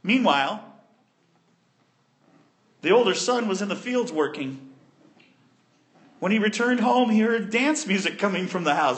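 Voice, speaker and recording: A man preaching a sermon, retelling a story with animated storytelling and addressing the congregation directly. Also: high voice, measured pace, pauses often.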